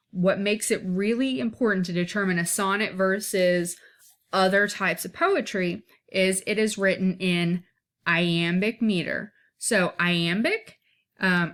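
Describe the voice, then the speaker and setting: A woman's voice: medium pitch, fairly bright tone. A woman teaching an informal one-take lesson, explaining step by step and checking in often to see that her listeners follow.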